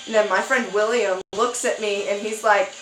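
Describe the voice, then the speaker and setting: A young woman vlogger telling a story in a casual chat, animated and acting out quotes. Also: normal speed, roomy sound, a little hiss or hum, low-quality recording. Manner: animated, acts out quotes with sudden high squeals.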